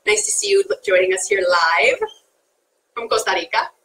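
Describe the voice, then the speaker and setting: A woman's voice: mid-range voice, sing-song, moderate pace, a bit bright, slight background noise, rough recording. A woman chef talking chattily through a live cooking demonstration in a kitchen, laughing often.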